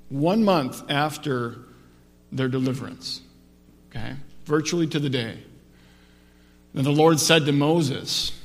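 A man preaching a sermon as pastor, telling the story with lively shifts from soft to emphatic. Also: on the high side, long reverb tail.

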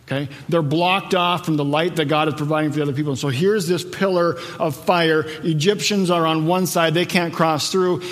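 A man delivering a sermon with a slightly high voice, carried by long reverb as if in a large hall. He slows down for scripture and climbs higher and louder when he drives a point home. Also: steady tone. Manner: builds in pitch and loudness when stressing a point, slows for scripture. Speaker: pastor.

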